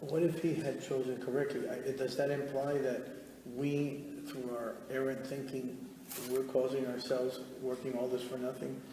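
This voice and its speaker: A man's voice: medium pitch, little pitch movement, moderate pace. A man in the audience earnestly asking the teacher a thoughtful question. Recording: distant, echoey hall with faint noise.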